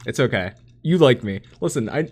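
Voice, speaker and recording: A man from Florida co-hosting a gaming podcast, telling stories in an animated way with frequent laughter. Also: mid-range voice, moderate pace. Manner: animated storyteller, laughs often. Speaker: podcast co-host. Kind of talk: casual chat.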